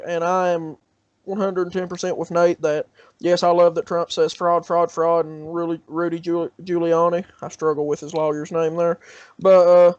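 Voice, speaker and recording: High-voiced hesitant man, lo-fi. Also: no room sound. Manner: rambling, laughing, hesitant. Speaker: podcast co-host. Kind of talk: casual political chat. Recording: dry, dull lo-fi sound.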